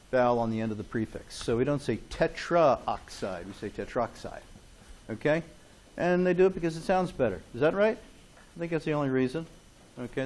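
A man's voice: medium pitch, a little mellow, a little hiss or hum. Joking man giving a chemistry lecture. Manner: joking, chatty, asks "okay?" often. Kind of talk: classroom lecture. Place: lecture classroom. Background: students in class.

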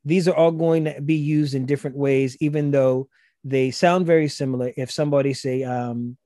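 A man's voice: mid-range voice, fairly even intonation, moderate pace, mellow, dry recording, clean studio sound. A man from South Carolina with a Gullah Geechee accent, a podcast guest explaining language in a loose, chatty way with many fillers. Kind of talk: casual podcast conversation.

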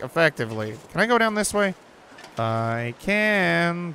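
A young man hosting a gaming channel gives jumpy, swearing let's-play commentary, talking both to himself and his viewers. His voice is high-pitched and a bit bright, with a little hiss or hum in the recording.

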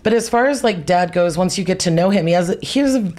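A middle-aged woman talks casually on a podcast, a little low in pitch. She tells stories with energy and acts out the people she quotes. Her tone is conversational and relaxed. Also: fast talker. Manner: animated storyteller, acts out quoted voices with big pitch jumps. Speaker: guest, former nanny.

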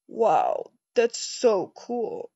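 A woman doing a first-person role-play over a game, excitable and easily startled, rambling with stammered restarts. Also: medium pitch, very slow, vocal fry, highs cut off, slight background noise.

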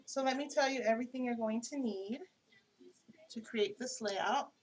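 A woman's voice: a little high, moderate pace, a little hiss or hum, rough recording. A woman hosting a casual craft tutorial, showing her pieces in a chatty, homey way and correcting herself as she goes.

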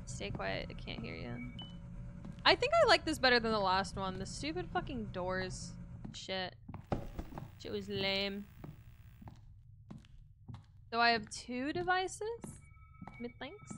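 A woman's voice: fairly high pitch, sing-song, takes it slowly, pauses often, noisy background. A young woman streaming a horror game, swearing freely, reacting jumpily and talking to her chat. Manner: profane, jumpy, talks to chat. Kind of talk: horror game let's play. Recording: game music behind voice.

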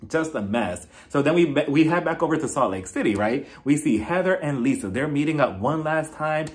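A gossipy young man chatting through a reality TV recap in a higher-than-usual voice. His pitch swings up and down as he laughs and mimics the cast in quick asides. The feel is a casual solo vlog. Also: animated. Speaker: TV recap reviewer.

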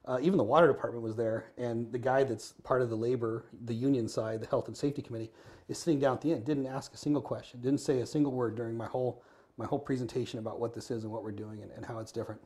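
Middle-aged guy, ex-firefighter guest, warm low-key tone, tells stories animated and chatty. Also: fast talker. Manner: animated, acts out dialogue while telling stories. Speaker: guest, former firefighter and business owner. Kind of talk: casual interview storytelling. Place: Arizona.

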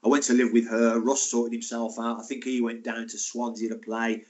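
Older ex-footballer guest, chatty storyteller, mid-pitched voice. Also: male voice, normal speed. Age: 60s. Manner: chatty, animated, laughing anecdotes. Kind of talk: casual interview storytelling.

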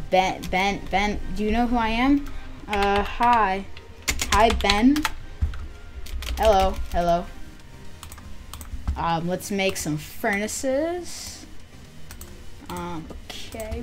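Woman gaming host, mid-pitched, chatty and excitable, filler-heavy casual commentary. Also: takes it slowly, pauses often, music in the background.

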